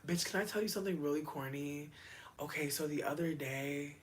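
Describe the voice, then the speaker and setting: A livestreamer chatting casually with viewers in a rambling, profane way, with quick asides, bursts of excitement and lots of slang. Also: mid-range voice.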